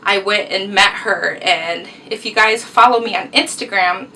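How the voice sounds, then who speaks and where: Chatty bright-voiced young woman. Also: medium pitch, unhurried, distant mic, slight background noise, rough recording. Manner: chatty, rambling, enthusiastic. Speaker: book vlogger. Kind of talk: casual book review vlog.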